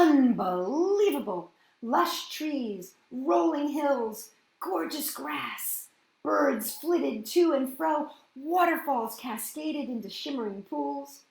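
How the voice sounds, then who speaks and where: A woman hosting a children's story reading, gentle and sing-song, often asking her listeners questions. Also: high voice, lively intonation, takes it slowly, gravelly. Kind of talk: children's storybook read-aloud. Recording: roomy echoey room.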